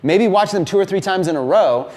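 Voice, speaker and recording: High-voiced, energetic male marketing trainer. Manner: energetic, emphatic, hype-driven delivery with quick repetitions. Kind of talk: live training talk.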